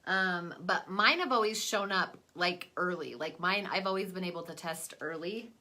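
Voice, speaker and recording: A woman's voice: fairly low pitch, normal speed, pushed and bright. A young adult woman chatting casually in a makeup vlog at home, rambling with lots of fillers. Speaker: vlogger. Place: at home, away from her desk.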